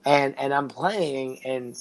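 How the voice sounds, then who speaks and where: A young man rambles through a story on a casual podcast, stopping and restarting and padding his talk with fillers. He swears freely and keeps the delivery loose and conversational. His voice sits at an ordinary middle pitch. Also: slow pace, slight background noise, low-quality recording. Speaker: podcast co-host.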